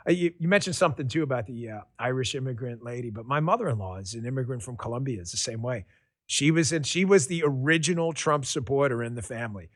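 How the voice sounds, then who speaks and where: Male podcast host, middle pitch, relaxed and rambling, dry close recording. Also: quick pace, dry recording. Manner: relaxed, rambling, frequent fillers and restarts. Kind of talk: conversational interview storytelling.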